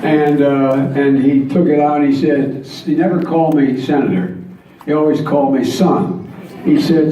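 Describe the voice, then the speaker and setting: A warm, fairly high voice with fairly even intonation comes from a man in his seventies speaking at a normal pace at a campaign rally. As a guest speaker in a big convention hall, he shares folksy stories, jokes, and earnest points. The sound is muffled, echoey, and faintly noisy from a distant mic.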